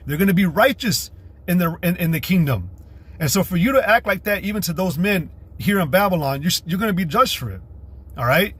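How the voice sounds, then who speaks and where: A man's voice: high voice, lively intonation, fairly quick, a bit bright, husky. A man preaching a profane, combative livestream sermon, repeating himself and mocking women in put-on voices. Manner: mocks women in a mimicking voice. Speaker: street preacher.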